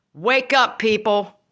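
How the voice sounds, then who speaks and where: A vlogger rants angrily to camera, swearing and venting her outrage with hard-hitting words and sudden shouts. Her fairly high voice has a bright, forceful, cutting edge.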